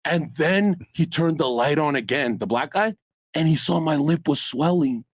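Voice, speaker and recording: A man's voice: a little high, normal speed. A man on a debate panel, telling crude stories in a brash, profane way. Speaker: panel guest. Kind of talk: heated panel banter.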